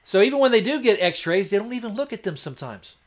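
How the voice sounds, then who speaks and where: A fairly high-voiced man talks on a casual live stream. He rambles in a folksy way and slips into quoted voices when he retells a doctor visit. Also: big pitch swings, fast talker. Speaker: homestead livestreamer.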